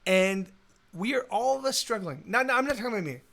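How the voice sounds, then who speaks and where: A man's voice: high-pitched, lively intonation, fast talker, vocal fry, bright, forceful tone. A man musician chatting casually on a live stream, rambling with lots of restarts and swearing, with a Texan accent. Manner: rambling, swears a lot, many restarts and fillers.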